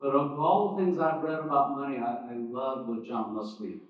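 This sermon on church history comes from a preacher speaking conversationally in a sanctuary, with restarts and side remarks along the way. He has a mid-range voice with a steady tone at normal speed, heard through echoey, distant, dull church audio.

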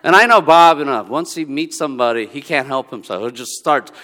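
A pastor tells stories from the pulpit in a chatty sermon and slips into the voices of the people in them. His voice is fairly high and bright, and a long reverb rings around him in a large church hall. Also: a little fast. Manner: conversational storytelling, acting out dialogue.

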